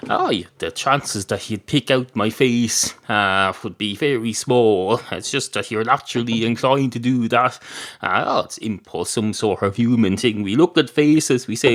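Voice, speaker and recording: A man's voice: lowish voice, moderate pace, a bit bright. A man hosting a podcast in a rambling comic monologue, meandering and interrupting himself with absurd riffs. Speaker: podcast host.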